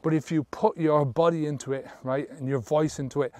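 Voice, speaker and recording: Recorded at studio quality with no echo, a sobriety coach speaks on the high side, a bit fast with few pauses, fairly even intonation, and a slightly mellow tone. His motivational talk to camera about quitting drinking is earnest and blunt, peppered with casual swearing and "right?"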